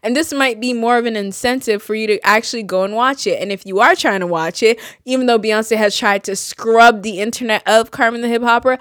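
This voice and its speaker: Chatty, animated Haitian woman host. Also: fairly high pitch, a little fast, hardly any pauses, dry recording, clean studio sound. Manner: animated, chatty, lots of fillers and asides. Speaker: podcast host. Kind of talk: casual solo chat.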